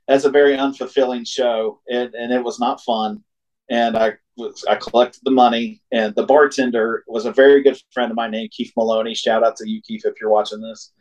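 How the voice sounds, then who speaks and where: A man's voice: medium pitch, normal speed, rough recording. Man telling a road story, laughing often. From Ohio. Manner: animated, laughs often, acts out quoted voices. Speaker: singer-songwriter guest. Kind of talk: casual storytelling.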